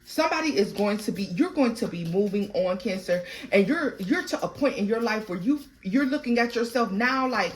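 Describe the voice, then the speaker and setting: A woman's voice: mid-range voice, expressive, moderate pace, few pauses, a little hiss or hum, poor audio. Blunt, profane woman tarot reader. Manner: blunt and profane, swinging between loud outbursts and murmurs. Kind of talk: tarot card reading.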